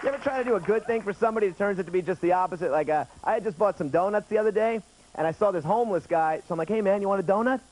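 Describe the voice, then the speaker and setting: Racing along in a high, darkish voice, this thirty-something comedian works through a chatty stand-up set on late-night television, voicing other people's lines. The noisy 1990s broadcast audio comes from a TV studio stage with an audience.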